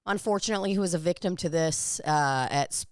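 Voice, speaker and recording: Podcast co-host, young woman, lowish voice, loose rambling storyteller. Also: fairly quick, clear, resonant tone, no room sound, clean studio sound. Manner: rambling storyteller, swears freely. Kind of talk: casual chat.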